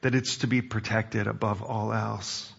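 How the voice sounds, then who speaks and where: A male pastor preaches in an earnest, reflective tone, often restarting his phrases. His voice is gravelly and husky. The recording is dull and lo-fi. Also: on the low side, little pitch movement, a little slow, a bit bright. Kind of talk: sermon.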